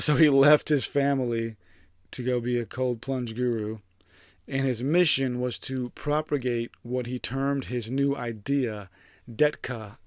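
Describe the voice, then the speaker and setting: A man's voice: mid-range voice, darkish tone, no room sound, clean studio sound. Man hosting with irreverent, profane asides. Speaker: host. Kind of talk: casual commentary over a scripted narration.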